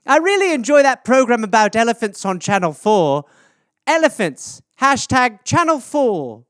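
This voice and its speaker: Man voicing a chatty mother, high and lilting, dry studio sound. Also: very animated, fairly bright tone, clear, resonant tone, no echo, heavily acted. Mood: chirpy. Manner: sing-song, drawn-out hashtag readings. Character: chatty British mother, cheerful and mundane.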